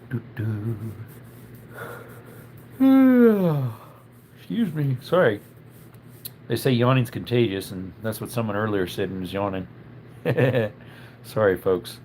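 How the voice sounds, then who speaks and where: A man's voice: fairly low pitch, lively intonation, unhurried, long pauses, darkish tone, a little hiss or hum. Chatty man reading stream chat. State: slightly under the weather, with a tickle in his throat. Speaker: live-stream host. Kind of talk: casual live-stream chat reading viewer comments.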